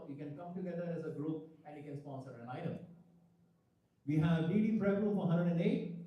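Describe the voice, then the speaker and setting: A man addressing devotees at a temple ceremony, speaking with enthusiasm and rising to loud exclamations. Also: on the high side, lo-fi sound. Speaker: ceremony announcer. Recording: very echoey, from far off the mic.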